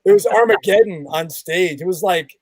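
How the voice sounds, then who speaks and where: High-voiced man telling animated stories. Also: moderate pace, breathy edge, no echo. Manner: acts out sounds and quoted voices. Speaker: podcast guest. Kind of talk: animated storytelling in conversation.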